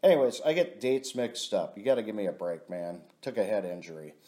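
In a casual vlog, a middle-aged man with a lowish, dark voice speaks briskly while telling a rambling personal story. He swears often and calls himself "your buddy."

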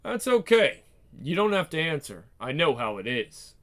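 A man voicing a weary, menacing male spirit of a soldier, speaking in a low, intimate, taunting way. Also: sing-song, normal speed, a bit bright. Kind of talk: one-man script reading.

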